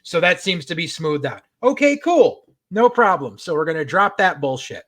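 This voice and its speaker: A man co-hosting a podcast, recapping a show in a profane, animated rant. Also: fairly high pitch, moderate pace. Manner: profane, animated retelling with acted-out quotes. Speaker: podcast co-host.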